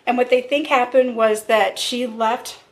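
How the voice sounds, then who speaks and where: A woman's voice: on the high side, fairly even intonation, measured pace. A woman hosting a podcast, casually telling a true crime case in a blunt, chatty way. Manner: conversational, blunt, laughs often. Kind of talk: casual storytelling.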